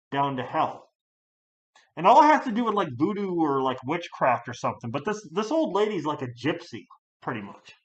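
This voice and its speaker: A man giving a casual spoken movie review, rambling with many fillers and restarts, now and then bursting out loudly. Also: a little high, dull audio. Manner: animated, jumps to loud outbursts.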